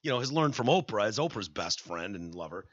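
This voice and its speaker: A man's voice: lowish voice, big pitch swings, a little fast, fairly bright tone, no room sound, dull audio. A man with a Michigan accent co-hosting a podcast in casual banter, joking and acting out quotes. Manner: chatty, joking, acts out quotes. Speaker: podcast co-host.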